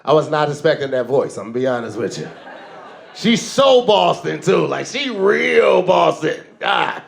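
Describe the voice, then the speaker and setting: A man's voice: a little high, big pitch swings, moderate pace, gravelly. A man with a St. Louis accent hosting a comedy show, trading loose, slangy banter with the crowd. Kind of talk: emceeing, chatting with the crowd.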